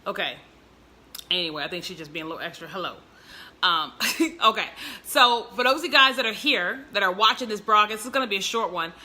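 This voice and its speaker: Bright, chatty woman on a livestream. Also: mid-range voice. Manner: chatty and expressive, talks straight to viewers, laughs often. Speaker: entrepreneur livestreaming to followers. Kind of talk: casual livestream talk. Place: at home.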